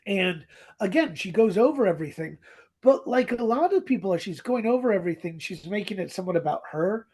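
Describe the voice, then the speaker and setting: A podcast co-host in casual, animated chat who laughs easily and acts out quoted lines. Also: medium pitch, a little fast, husky. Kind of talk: casual chat about a radio drama.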